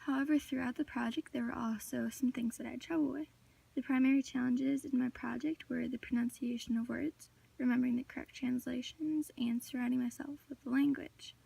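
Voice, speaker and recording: A teenage girl gives a class project presentation, reading a prepared talk with the occasional filler word. Her high-pitched voice is warm and steady, fairly quick, with vocal fry and a breathy edge, and she sounds distant from the mic.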